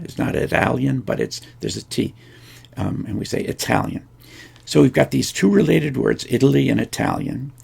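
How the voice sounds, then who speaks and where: A man's voice: mid-range voice, creaky, a little mellow, slightly rough. A man giving a recorded linguistics lecture, thinking aloud with frequent restarts and fillers.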